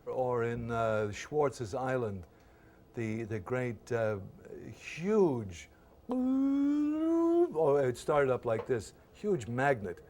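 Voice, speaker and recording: A man in his eighties, an actor being interviewed, telling stories from his old series in a lively, halting way with many fillers. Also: medium pitch. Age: 80s. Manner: animated storyteller, acts out quoted voices. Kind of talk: reminiscing interview anecdotes.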